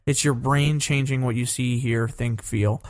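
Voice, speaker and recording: A man of middle pitch talks about how the brain works with real enthusiasm. He mixes in jokes and teasing. His tone is loose and conversational. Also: fairly even intonation, a little slow. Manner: joking, enthusiastic explainer of science. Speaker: podcast co-host. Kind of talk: casual chat.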